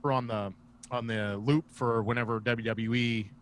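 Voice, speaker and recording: A man's voice: medium pitch, fairly even intonation, normal speed, a little hiss or hum. A man guest, a comedian and former wrestler, telling rambling, profane stories casually over a video call. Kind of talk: casual storytelling.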